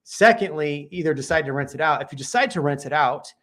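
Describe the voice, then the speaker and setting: A man's voice: a little high, lively intonation, fast, fairly bright tone. A man hosting a casual chat show, giving real estate advice in a laid-back, joking way, thinking aloud and restarting his sentences. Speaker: real estate agent and podcast host.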